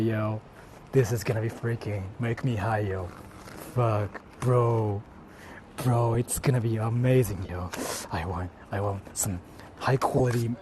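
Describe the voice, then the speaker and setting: A male streamer, out of doors in a city at night, talking in loud, profane, mocking bursts and switching between English and Japanese, recorded on a handheld mic while he walks. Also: lowish voice, steady tone, measured pace, background noise. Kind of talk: casual live-stream chatter.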